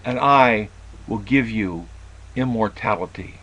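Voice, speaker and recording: A man's voice: lowish voice, slow pace, fairly bright tone, slightly rough, full character voice, low-quality recording. A man voicing a coaxing, ageless goddess. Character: ageless, beautiful goddess tempting a mortal man.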